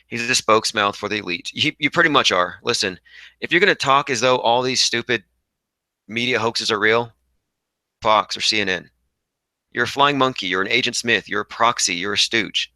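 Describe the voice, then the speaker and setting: A man's voice: medium pitch, normal speed, pushed and bright, dry recording, rough recording. Combative man rambling on a livestream. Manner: rambling, combative, reads viewer comments aloud. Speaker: livestream host reading chat. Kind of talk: casual livestream chat.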